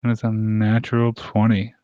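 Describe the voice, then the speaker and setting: A man runs a tabletop game over voice chat, his voice sitting low. He talks loosely and rambles, with plenty of fillers. The audio is dull and lo-fi, with a dry, close sound. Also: moderate pace, no echo. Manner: relaxed, rambling with many fillers. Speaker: game master. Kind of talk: running an online tabletop game.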